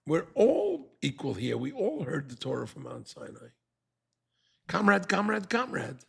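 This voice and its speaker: An older man teaching a Torah class, animated and fond of rhetorical questions, who acts out the people he quotes. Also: medium pitch, normal speed, vocal fry, husky.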